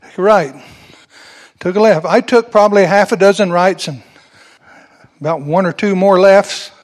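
A man's voice: high-pitched, moderate pace. A man pastor telling a personal story in a sermon, building to fervent preaching.

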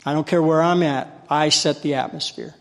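Fiery folksy preacher in a reverberant hall. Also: male voice, fairly high pitch, fairly even intonation, moderate pace. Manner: folksy storytelling, calls for congregation response; gets loud when fired up. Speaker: lay preacher. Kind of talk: sermon.

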